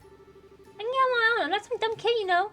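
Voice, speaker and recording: A woman's voice: very high voice, fairly quick, bright, forceful tone, voice pushed up. A woman voicing a shy but stubborn little orphan boy who stammers and gets defensive, with faint game music behind. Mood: bossy.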